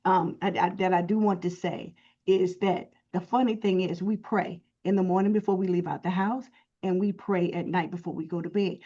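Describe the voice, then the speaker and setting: A woman's voice: fairly low pitch, fairly even intonation, moderate pace, warm tone. A woman guest in a casual chat, talking earnestly and with emphasis. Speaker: guest author. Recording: dull lo-fi audio.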